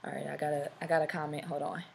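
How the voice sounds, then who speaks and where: A woman's voice: deep voice, little pitch movement, fast, vocal fry, a little hiss or hum. A young woman from Southern California hosting a podcast live, chatting casually to viewers and rambling with fillers and restarts. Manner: chatty, talks straight to viewers. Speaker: podcast host. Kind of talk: casual live-stream chat.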